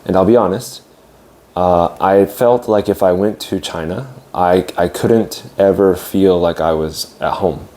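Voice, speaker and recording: Low, mellow-voiced man telling his story. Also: a little slow. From United States. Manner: reflective, hesitant with fillers and restarts. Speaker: English teacher. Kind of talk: casual storytelling monologue.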